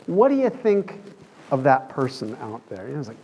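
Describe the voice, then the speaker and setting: A man's voice: on the high side, sing-song, normal speed, a little mellow, a little hiss or hum. A man preaching a conversational sermon in a church, telling the story in a chatty way and acting out the quoted lines.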